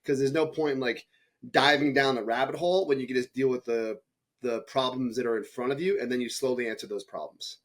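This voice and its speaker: A man's voice: medium pitch, fairly even intonation, brisk. A man hosting a podcast in casual conversation, blunt and swearing freely, acting out his own reactions. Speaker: podcast host.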